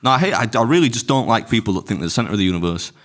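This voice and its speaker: A deep-voiced man on a podcast, talking in a firm, indignant way. He lays out his grievance point by point and sounds certain he is in the right. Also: sing-song, very fast. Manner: indignant, ranting about rude drivers. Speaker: podcast co-host. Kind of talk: casual chat.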